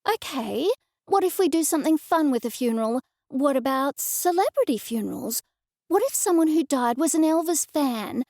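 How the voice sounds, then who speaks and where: A woman's voice: sits high, animated, moderate pace, a little mellow, no echo, studio quality, pitched above the performer's own voice. A woman voicing an exasperated young woman who snaps and pleads with her mother. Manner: snappish and pleading by turns. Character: exasperated young woman, funeral home heir.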